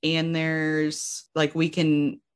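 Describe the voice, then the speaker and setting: Her voice sits low and smooth, and she talks extremely slowly. A twentysomething guest, she recounts her own experience in a casual, animated way, impersonating what others said, with plenty of "like."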